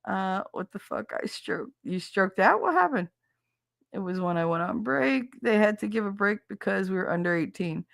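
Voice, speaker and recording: A woman hosting a casual livestream chat, reading comments aloud and answering them in a brash, swearing way, with frequent laughter and quick mimicry. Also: medium pitch, expressive, gravelly, no echo, clean studio sound. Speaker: podcast host reading chat.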